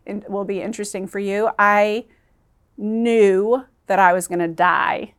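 Appearing as an interview guest, a woman recounts a painful personal story in an earnest, emotional way, sometimes halting. Her middle-pitched voice keeps a steady tone and a measured pace.

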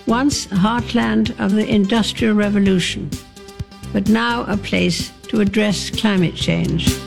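Gravelly stately woman, archive speech clip. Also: mid-range voice, fairly even intonation. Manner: measured and stately. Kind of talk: formal recorded speech. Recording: archive clip with music under it.

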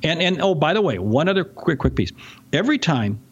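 A man speaking as a sales expert guest in a podcast interview, ranting in an animated way and often interrupting himself. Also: a little high, fairly quick, husky, muffled recording.

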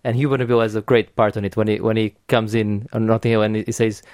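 A man's voice: on the low side, level tone, quick pace, darkish tone, no echo, clean studio sound. A man hosting a podcast in casual chat, talking enthusiastically with many restarts and casual swearing. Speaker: podcast host.

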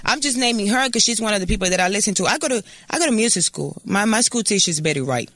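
A Puerto Rican woman in her thirties talks quickly and brashly in a casual interview. Her voice is bright and forceful, full of profanity and bragging. The sound is dry and close. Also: mid-range voice, expressive, dry recording. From Puerto Rico. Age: 30s. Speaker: interview guest.

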